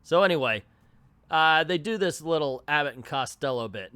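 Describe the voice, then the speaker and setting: Man reviewing comics, wry and sarcastic, animated swooping delivery, dry close sound. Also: on the high side, normal speed, smooth, no room sound. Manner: wry, sarcastic running commentary. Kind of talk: casual spoken comic review.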